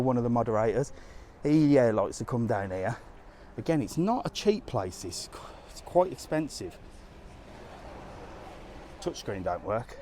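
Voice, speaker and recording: A man chats bluntly and casually into a handheld phone during a live travel stream. He is outdoors on a seafront walk, and a faint hiss runs under his voice. His pitch sits in a middle range for a man. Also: a little mellow. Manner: chatty, blunt, slangy. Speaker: travel vlogger livestreaming.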